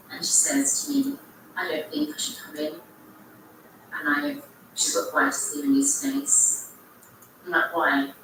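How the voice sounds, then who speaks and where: A woman's voice: on the low side, a bit bright. A woman recounting her story in documentary testimony, telling it dramatically. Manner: dramatic storyteller acting out quoted lines. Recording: echoey distant TV audio with faint noise.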